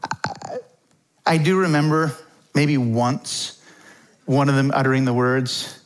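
A man's voice: mid-range voice, steady tone, slow pace. A middle-aged man preaching a conversational sermon as pastor, informal and chatty. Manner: informal, chatty, acts out quotes.

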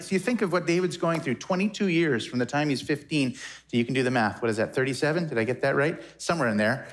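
A man delivers a sermon in a relaxed, conversational way, pausing to reflect and restarting phrases as he thinks aloud. His voice sits at an ordinary middle pitch, neither high nor low. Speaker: pastor.

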